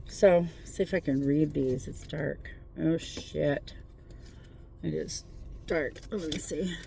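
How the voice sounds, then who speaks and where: Sitting in a parked car at night, a tarot reader speaks into a phone with a gravelly, creaky, mid-range voice of dark tone, with a faint hiss underneath. Her casual spiritual pep talk is earnest and encouraging yet packed with cursing and wisecracks.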